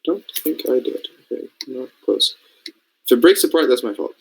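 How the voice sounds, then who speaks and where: A man's voice: mid-range voice, lively intonation, moderate pace, creaky, breathy edge, rough recording. A young man from Canada teaching a casual coding lesson, thinking aloud and often checking that his listeners follow. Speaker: robotics programming mentor. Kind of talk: screen-share coding lesson.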